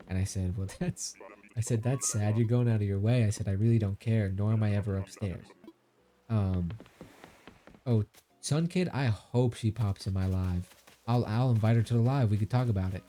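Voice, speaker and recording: A young man streaming live, casually telling a story to his chat in an animated, incredulous way, breaking into laughter. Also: on the low side.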